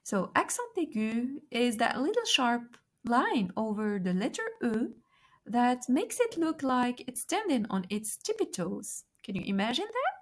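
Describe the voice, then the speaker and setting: Slow, playful woman teacher. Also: on the high side, big pitch swings. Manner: slow, playful, repeats words for learners. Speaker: French teacher. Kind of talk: language lesson.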